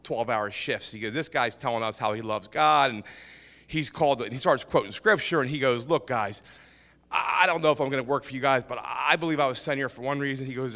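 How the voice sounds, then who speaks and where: A man of middle pitch tells an informal testimony in a ministry meeting, acting out the voices in his story and circling back over his words. His voice rings with a long reverb from the hall. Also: quick pace. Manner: lively, acts out dialogue, repeats and restarts. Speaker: business owner sharing a testimony.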